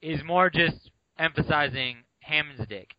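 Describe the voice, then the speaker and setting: A man's voice: on the high side, moderate pace, no room sound. A man co-hosting a podcast, tossing in wry, sarcastic asides in casual chat. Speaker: podcast co-host. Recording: dull lo-fi home recording.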